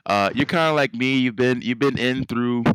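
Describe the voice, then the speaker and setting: A man from Philadelphia hosting a casual podcast interview, teasing his guest with quick asides. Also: medium pitch, a bit bright, smooth, poor audio. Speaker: podcast host.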